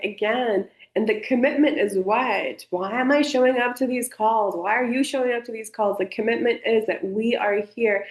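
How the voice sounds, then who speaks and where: A woman leading a group coaching session over a video call, speaking playfully and encouragingly and often calling out to everybody. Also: mid-range voice. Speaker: somatic coaching instructor. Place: indoor room. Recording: roomy echo.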